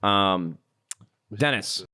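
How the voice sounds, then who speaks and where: Podcast co-host, low voice, encouraging, question-asker. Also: male voice, animated, very slow, bright, forceful tone. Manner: upbeat, encouraging, asks questions. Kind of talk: casual podcast chat.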